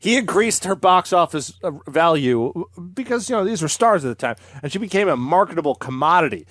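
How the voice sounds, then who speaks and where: A man's voice: a little high, animated, brisk, fairly bright tone, dry recording, clean studio sound. A congested man hosting a comedy podcast, joking crudely while telling a history. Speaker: podcast host.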